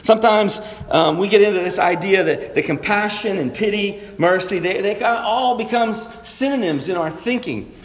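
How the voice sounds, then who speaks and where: High-voiced preacher in an echoey church hall. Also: male voice, normal speed, hardly any pauses. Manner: conversational preaching with acted-out dialogue examples. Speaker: pastor. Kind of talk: sermon. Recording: echoey hall, long reverb.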